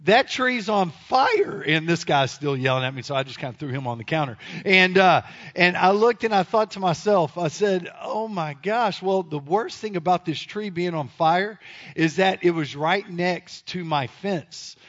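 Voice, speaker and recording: A man with a high voice tells a story to a crowd, animated and poking fun at himself. He speaks to his listeners directly. The recording sounds dull and lo-fi. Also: moderate pace. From Memphis area, United States. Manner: animated, self-deprecating, addresses the audience directly. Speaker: speaker telling a story to an audience. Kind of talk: comic storytelling talk.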